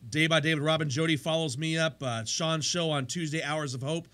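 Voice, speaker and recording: A man hosting a sports radio show in a studio, chatty and energetic, his voice worn from days of talking. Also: fairly high pitch, a little fast. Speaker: radio show host and pastor. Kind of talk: casual sports radio chat.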